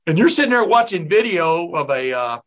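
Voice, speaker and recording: A man's voice: on the high side, very animated, a little fast, a bit bright. A man from East Texas hosting a podcast, chatting casually with folksy asides and lots of fillers. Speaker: podcast host. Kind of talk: casual interview chat.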